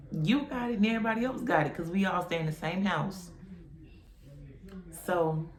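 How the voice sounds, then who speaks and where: Young woman telling a story in a roomy echo. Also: rumbling low. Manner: animated retelling with quoted voices. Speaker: vlogger. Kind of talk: casual storytime.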